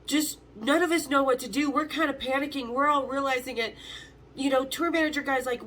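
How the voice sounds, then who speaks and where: A woman in her fifties, the host, telling stories in a casual, animated way, swearing freely and acting out the voices of the people in them. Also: high voice, fairly quick, a little hiss or hum. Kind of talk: casual storytelling.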